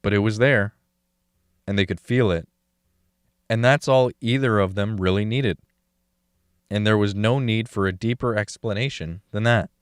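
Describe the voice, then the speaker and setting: An actor playing a calm man in an audio drama who speaks in a quiet, measured and thoughtful way. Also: fairly low pitch, clear, resonant tone, no echo, clean studio sound, natural voice. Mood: reflective. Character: calm reflective man recalling his sister.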